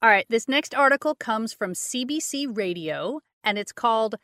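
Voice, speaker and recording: A woman's voice: fairly high pitch, lively intonation, moderate pace, a bit bright, dry recording, clean studio sound. A woman co-hosting a casual podcast, reading out science articles with joking asides. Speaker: co-host.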